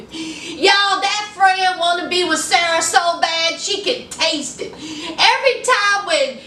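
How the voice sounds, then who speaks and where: A high, bright-voiced woman with a drawl dishes on a reality show, leaning on "okay?" and "y'all." She takes her time, and she sits a little away from the mic in an echoey room with faint background noise. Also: slow pace, long pauses, far from the mic. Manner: sassy, animated, talks straight to viewers with "okay?" and "y'all". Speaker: TV recap vlogger. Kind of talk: sassy casual recap monologue.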